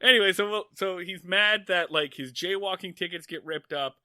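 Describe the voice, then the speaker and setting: A wry male podcast co-host recapping an old sitcom with joking asides. His voice is very bright and a bit high, recorded dry and close. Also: moderate pace, clear, resonant tone, no echo. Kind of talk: casual comedy podcast chat.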